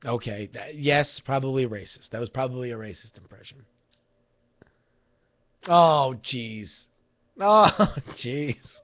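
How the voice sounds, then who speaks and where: A man's voice: mid-range voice, expressive, slow pace, pauses often. A man hosting a casual livestream, rambling, swearing freely and joking with viewers in chat. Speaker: livestream host. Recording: lo-fi livestream audio.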